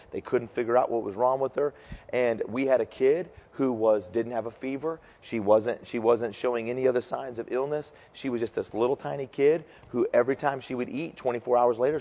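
A middle-aged man preaching a sermon as a story, animated and jokey, who acts out the voices of the people in it. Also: medium pitch. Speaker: pastor. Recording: long reverb of a large hall.

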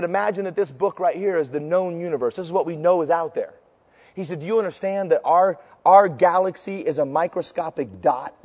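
A male preacher giving an impassioned sermon, moving between fervent declarations and quieter storytelling. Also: a little high, in a large hall.

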